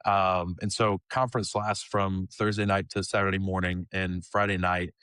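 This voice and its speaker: A young man in his twenties, a kids ministry leader, telling a personal story in a casual, animated way and acting out the dialogue. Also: deep voice, moderate pace, clean tone, dry recording, clean studio sound. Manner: animated storyteller who acts out quoted dialogue; casual, with frequent fillers like "like" and "um". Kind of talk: conversational storytelling.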